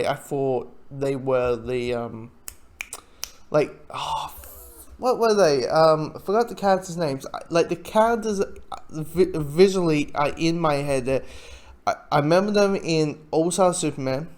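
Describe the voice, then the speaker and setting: A man giving a casual spoken TV review, rambling and breaking off his sentences often. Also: on the high side. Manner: rambling, self-interrupting, chuckles often.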